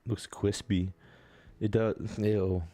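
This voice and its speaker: A man's voice: on the low side, little pitch movement, takes it slowly, dark tone, no echo. A man hosting a casual live stream, chatting playfully with viewers and joking around.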